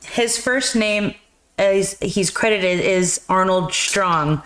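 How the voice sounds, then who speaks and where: A woman's voice: mid-range voice, takes it slowly, a bit bright, slight background noise. Casual co-host, woman; loose, rambling plot recap with fillers and laughter. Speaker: podcast co-host. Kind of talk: casual movie chat.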